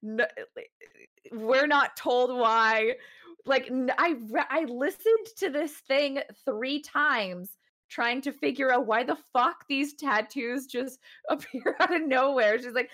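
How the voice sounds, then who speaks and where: A woman co-hosting a casual book-club podcast, talking through a story with dry sarcasm. She breaks into laughter often and slips into quick mock voices for the characters. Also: sits high, a bit bright. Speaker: podcast co-host.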